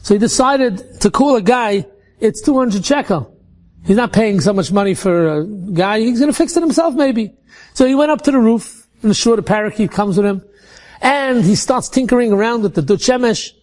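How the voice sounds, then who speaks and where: A man telling a religious story in an animated way, often repeating words as he restarts. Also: sits high, normal speed.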